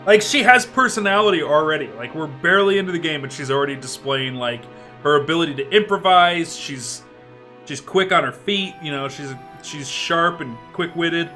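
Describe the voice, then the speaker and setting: A man's voice: a little high, animated, normal speed, bright, forceful tone, faint music behind. A man streaming a game, chatting animatedly with lots of fillers. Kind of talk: game let's play commentary.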